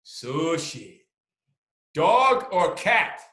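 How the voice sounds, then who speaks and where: A man hosting a casual video-call interview, teasing his guest with drawn-out either-or questions in an excitable manner. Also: fairly high pitch, echoey room. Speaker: channel host.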